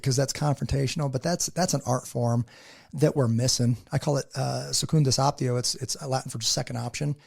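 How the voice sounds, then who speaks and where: A man's voice: mid-range voice, fairly even intonation, a little fast, vocal fry, a little mellow. A man as a podcast guest, talking in a casual, earnest way and acting out what people said in his stories. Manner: earnest, storytelling, acts out quotes. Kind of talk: casual conversation.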